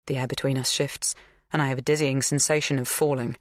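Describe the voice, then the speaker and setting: A woman narrating an audiobook in a measured, even reading. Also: a bass voice, no room sound, clean studio sound. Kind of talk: scripted first-person narration.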